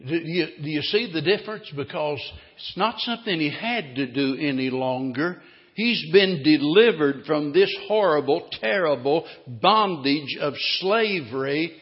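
A man preaching a sermon in a church, telling a story dramatically and swinging between loud and hushed delivery. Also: a little high, animated, a little slow. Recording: dull recording, long hall reverb.

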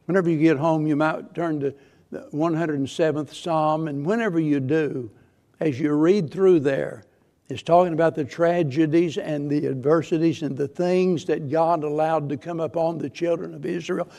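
Guy preaching a sermon, gravelly voice, a bit high, earnest and repeats himself a lot. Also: fairly even intonation, normal speed, warm tone. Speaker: pastor.

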